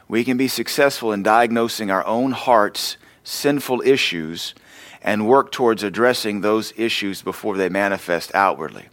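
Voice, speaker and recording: A man's voice: on the low side, moderate pace, fairly bright tone, no echo. A man pastor delivering a conversational sermon lesson, mixing scripture with personal stories told against himself. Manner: conversational preaching with self-deprecating stories. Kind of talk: sermon teaching.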